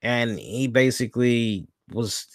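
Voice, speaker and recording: A man's voice: mid-range voice, takes it slowly, no echo, clean studio sound. A man hosting a wrestling podcast alone, talking casually and rambling, thinking aloud and correcting himself as he goes. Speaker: podcast host.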